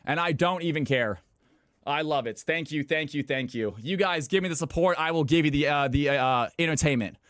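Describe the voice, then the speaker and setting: A man hosting a live stream of viewer games, hyping up his chat with excitable shouting and cheering. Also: on the high side, normal speed, dry recording, studio quality. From California. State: out of breath. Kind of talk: live-stream hype commentary.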